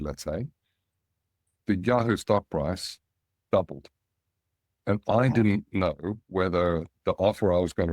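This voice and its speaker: Deep-voiced Australian man telling stories. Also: dry recording, studio quality. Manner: anecdotal, animated when quoting others. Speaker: guest, angel investor. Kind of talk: relaxed storytelling interview.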